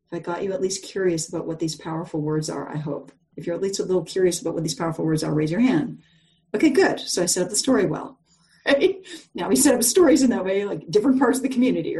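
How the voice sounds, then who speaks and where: Mellow-voiced woman coaching a group call. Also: on the low side, low-quality recording. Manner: chatty, warm storytelling with frequent fillers and restarts. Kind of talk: live group call teaching.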